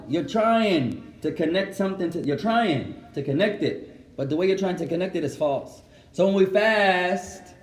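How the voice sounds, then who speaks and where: Animated man teaching in an echoey room. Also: high voice. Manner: animated, switches between Arabic and English, asks the class questions. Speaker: Islamic teacher. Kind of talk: classroom religious lesson.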